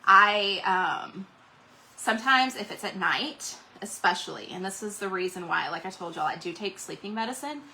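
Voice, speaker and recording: A woman's voice: medium pitch, animated, normal speed, sharp tone, rough recording. A middle-aged woman, rambling casually to viewers on a craft livestream while she paints. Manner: rambling, chatty, reads out viewer comments.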